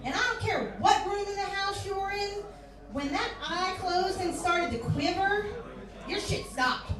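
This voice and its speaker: A woman's voice: extremely high pitch, animated, measured pace. A woman in her fifties from Philadelphia doing a brash, salty stand-up set in a bar. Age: 50s. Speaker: stand-up comedian. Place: bar with live audience. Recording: echoey room from far off, crowd.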